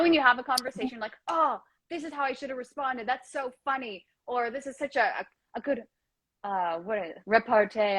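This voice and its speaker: A woman's voice: mid-range voice, dry recording. A woman hosting a casual chat, bubbly and self-mocking. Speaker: host.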